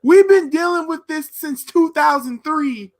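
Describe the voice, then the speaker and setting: A man's voice: extremely high pitch, measured pace. A man co-hosting a casual sports talk podcast, ranting in a heated way and reading notes off his phone. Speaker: podcast co-host.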